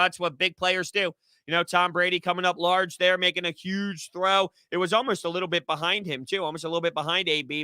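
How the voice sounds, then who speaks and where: Bright, chatty young man live-streaming. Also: on the high side, clear, resonant tone, dry recording, studio quality. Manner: chatty, rambling, laughs easily. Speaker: sports YouTube host. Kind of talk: live-stream chat reading comments.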